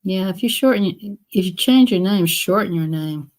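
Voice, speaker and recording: A woman's voice: medium pitch, expressive, moderate pace, a little mellow. A woman hosting a casual live stream, chatting in a rambling, repetitive way. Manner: rambling, chatty, repeats herself.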